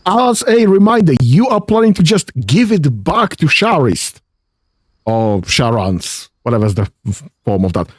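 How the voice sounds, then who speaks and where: A man's voice: a little high, big pitch swings, unhurried, dry recording, studio quality. A man playing a video game and commenting casually as he goes, thinking aloud with lots of hesitations. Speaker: gaming streamer. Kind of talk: casual let's-play commentary.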